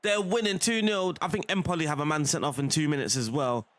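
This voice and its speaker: Playing a football management game, a young man streams and talks casually, laughing a lot and addressing the viewer as "bro." He speaks fairly quickly in a high-leaning, fairly bright voice, with no room sound.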